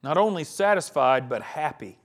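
A pastor preaching a sermon on a psalm, earnest and swelling to emphatic peaks, with soft chuckles between points. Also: male voice, a little high, animated, normal speed.

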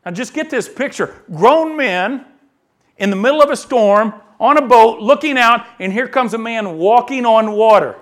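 A man preaching a sermon, reading scripture aloud and acting out the voices in it, swinging between quiet asides and loud emphatic lines. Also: very high voice, animated, moderate pace. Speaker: pastor.

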